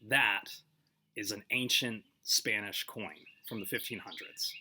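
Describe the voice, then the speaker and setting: A man voicing a cagey male pawn shop jeweler who lowballs his offers and then sighs and gives in. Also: fairly even intonation, a little slow, bright, forceful tone, a little hiss or hum. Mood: confiding. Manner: haggling, then sighing and giving in.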